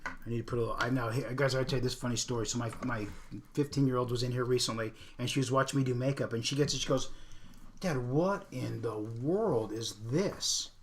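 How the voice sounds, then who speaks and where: A man's voice: medium pitch, little pitch movement, very fast, a little hiss or hum. A middle-aged man hosting a casual livestream, chatting earnestly and showing makeup steps as he talks. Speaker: livestream host.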